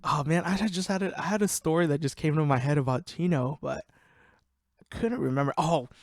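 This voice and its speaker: A man's voice: on the high side, fairly quick, dry recording. Young man telling profane stories dryly. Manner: profane, laughing, animated storyteller. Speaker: podcast host. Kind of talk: casual storytelling.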